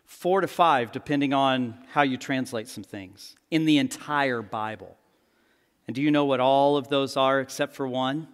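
A man preaching a sermon as pastor, telling stories with animated energy and acting out the quotes. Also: mid-range voice, moderate pace, long reverb tail. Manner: animated storytelling, acts out quotes.

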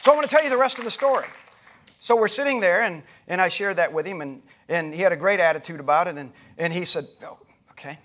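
A middle-aged male pastor with a fairly high voice delivers a sermon in a relaxed, storytelling way. He retells a conversation line by line and often restarts his sentences as he speaks to the congregation. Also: fast talker. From United States. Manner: conversational preaching, retelling dialogue with frequent restarts.

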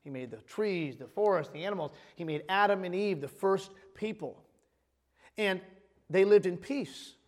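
High-voiced pastor preaching in a hall. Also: male voice, moderate pace, darkish tone. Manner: emphatic, restarts phrases, reads scripture aloud. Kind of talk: sermon.

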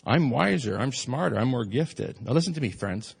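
A man's voice: mid-range voice, animated, moderate pace, creaky, slightly rough. A man preaching a sermon as pastor, talking conversationally to his congregation and building to emphatic peaks, with joking asides. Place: church sanctuary. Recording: long reverb of a large hall.

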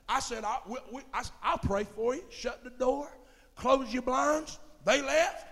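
A middle-aged pastor preaches with a high-pitched voice that rings through a long, echoing church hall. He drops to near whispers, then builds to loud, impassioned shouts. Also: a little slow. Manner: impassioned preaching, swinging from low murmurs to shouts. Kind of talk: sermon. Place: church sanctuary.

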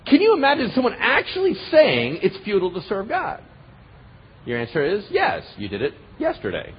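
Pastor, male, high and very husky voice, preaches conversationally with big swings from loud to hushed. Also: huge pitch swings, normal speed, muffled recording. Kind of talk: sermon.

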